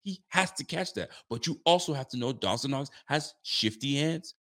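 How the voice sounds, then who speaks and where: A man's voice: mid-range voice, expressive, fast, few pauses. A man hosting a late-night post-game reaction livestream, ranting emphatically and answering viewer messages. He is fired up but keeps his volume down. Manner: holding volume down while fired up; reads viewer messages aloud and answers them. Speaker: sports fan show host.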